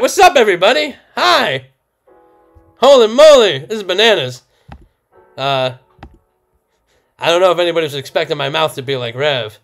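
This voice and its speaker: A young man live-streaming a card opening, loud and swearing, laughing and shouting with excitement. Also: a little high, creaky. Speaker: streamer opening trading cards.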